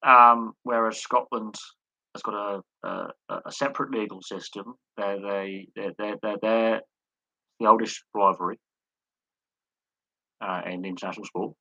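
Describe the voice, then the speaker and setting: Guy rambling about sport on a live stream, lots of ums, super bright dry sound. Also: fairly low pitch, fairly even intonation, a little slow, long pauses, no room sound, highs cut off. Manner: rambling, repeats words, many fillers. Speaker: host.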